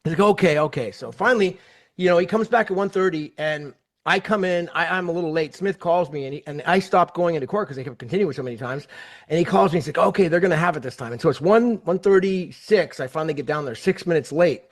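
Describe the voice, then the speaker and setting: A man's voice: a little high, fast. A man hosting his channel, casually retelling a court hearing and acting out the people in it, with many restarts. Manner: animated, acts out quoted voices, many restarts. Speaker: host retelling a court case. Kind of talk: casual storytelling commentary.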